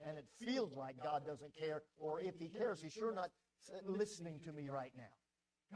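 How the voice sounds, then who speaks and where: Emphatic high-voiced male pastor preaching. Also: animated, normal speed, poor audio. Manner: emphatic preaching, swings from low and quiet to loud and pleading; repeats words when stirred. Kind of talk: sermon.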